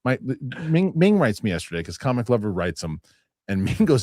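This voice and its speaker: A man's voice: medium pitch, very animated, brisk, a little mellow, no room sound, studio quality. A man hosting a casual live show, rambling and cursing freely while reading out viewer comments. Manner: rambling, profane, laughs at his own stories. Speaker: host.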